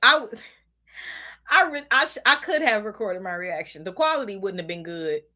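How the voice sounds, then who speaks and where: A woman hosting a casual podcast, telling a story in a gushing, profane way with loud squeals. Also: medium pitch, expressive, normal speed. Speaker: podcast host. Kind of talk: casual chat. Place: home desk.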